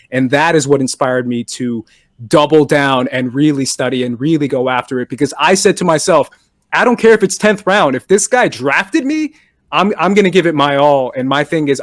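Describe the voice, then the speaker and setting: A man's voice: medium pitch, no echo. A man being interviewed after a quiz match, who talks in an earnest, determined way and often repeats himself.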